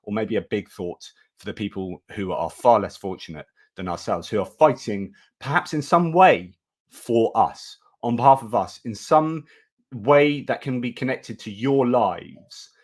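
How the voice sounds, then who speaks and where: A British man with a lowish voice hosts a live stream in a loose, chatty way. He drifts into asides and keeps thanking his viewers. His talk is relaxed and conversational. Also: a little slow. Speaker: host of a live chat stream. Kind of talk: casual live chat.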